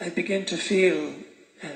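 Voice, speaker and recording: A man with a somewhat high voice interprets consecutively for a speaker in church. He renders each phrase into English in a measured, steady way, and his voice rings in a roomy space. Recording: echoey room.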